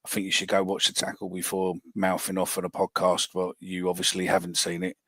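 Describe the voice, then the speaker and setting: Deep-voiced bloke hosting a footy podcast, swears a lot, dry close sound. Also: male voice, completely flat delivery, fairly quick, fairly bright tone, no echo. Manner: blunt, swears freely. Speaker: podcast host. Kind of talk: casual football podcast chat.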